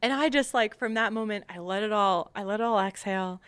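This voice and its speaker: A woman from Long Island, a podcast guest, telling her story in a lively way, laughing often and acting out dialogue. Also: medium pitch, fairly quick, clear, resonant tone, no room sound. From Long Island, United States. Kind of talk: casual storytelling interview.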